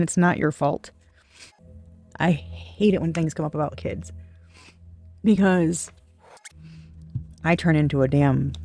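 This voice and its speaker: A tarot reader giving a casual, rambling intuitive reading straight to viewers, with soft laughs and the odd swear word. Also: mid-range voice. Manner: rambling, chatty, speaks to unseen viewers.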